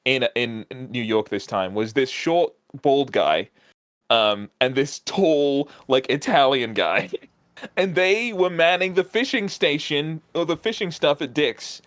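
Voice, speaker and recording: A man's voice: fairly high pitch, unhurried, dry recording, studio quality. A man casually telling a long story on a stream, animatedly acting out the people he met. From outside the United States. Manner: animated, acts out other people's voices in anecdotes. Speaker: guest.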